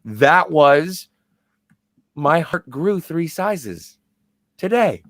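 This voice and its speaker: A man's voice: fairly high pitch, sing-song, drawn-out words, fairly bright tone, no echo, clean studio sound. A man co-hosting a casual movie review chat, cutting in with eager opinions about the film. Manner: enthusiastic, chimes in with opinions. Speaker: podcast co-host.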